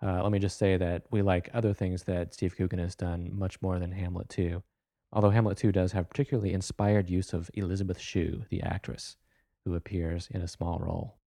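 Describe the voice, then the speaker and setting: A man with a deep, mellow voice hosts a film program, introducing the guest and a clip. He talks in a relaxed, conversational way with a few fillers, and the sound is dry and close. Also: brisk, dry recording. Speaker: radio film show host.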